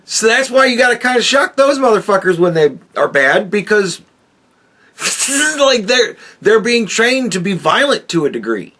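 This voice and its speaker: A man's voice: high voice, sing-song, moderate pace, sharp tone. Swearing man ranting on a podcast. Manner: crude, heavy swearing, mocking. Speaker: podcast host reacting to a clip. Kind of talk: profane ranting commentary.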